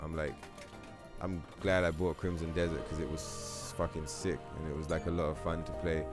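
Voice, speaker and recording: Low-voiced, profane gaming streamer. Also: male voice, steady tone, fairly quick. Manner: loose, profane, rambling with repeated fillers. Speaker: livestream host. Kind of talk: casual gaming stream chat. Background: game music.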